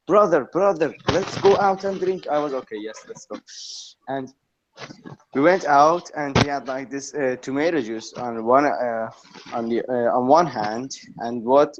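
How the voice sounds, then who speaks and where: A man chatting casually, middle-pitched and rambling, leaning on okay and you know between thoughts. The recording sounds dull and lo-fi. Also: slight background noise. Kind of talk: casual chat.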